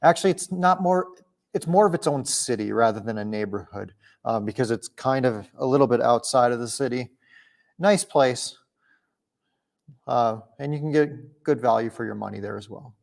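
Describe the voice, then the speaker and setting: A young man from Minnesota hosting a casual livestream Q&A, chatty and quick to laugh. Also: medium pitch, creaky. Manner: chatty, laughs often, restarts sentences. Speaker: livestream host. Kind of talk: casual live Q&A. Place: home, indoors.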